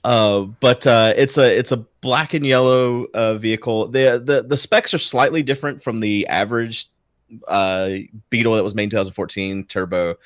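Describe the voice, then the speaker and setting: A man's voice: medium pitch, fairly even intonation, normal speed, dry recording, clean studio sound. A man talking casually as a podcast guest, rambling with many restarts and frequent chuckles. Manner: rambling, self-correcting, chuckles often. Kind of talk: casual chat.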